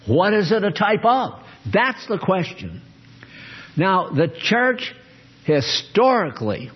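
Slow, husky male preacher with a lively pitch on a dull lo-fi recording, quizzing his congregation mid-sermon. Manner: questions his listeners often. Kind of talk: sermon-style Bible teaching.

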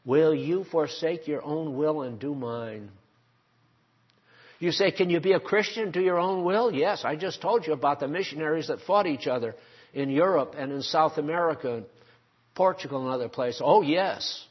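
An older man preaches a sermon in a husky, slightly raised voice, fairly high in pitch and fairly quick. He drives his points home with rhetorical questions to the congregation, and the recording sounds dull and lo-fi.

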